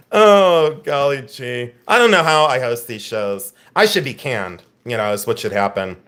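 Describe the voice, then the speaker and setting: An American man hosting a live auction stream teases his audience and rambles between lots. His mid-range voice is expressive and fairly bright, and he talks a little slowly.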